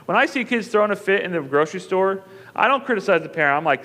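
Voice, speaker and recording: A man's voice: sits high, animated, fast, pushed and bright. A man in his thirties preaching in a church, conversational and joking, rising into emphatic bursts. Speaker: pastor. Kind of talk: sermon. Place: church auditorium. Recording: long hall reverb.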